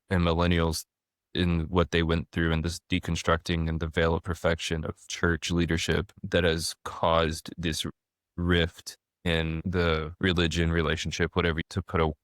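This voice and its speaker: A man in his thirties hosting a podcast, telling stories in a lively casual way with frequent restarts. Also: deep voice, dry recording, studio quality. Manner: animated storyteller, frequent restarts. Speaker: podcast host. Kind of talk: casual conversation.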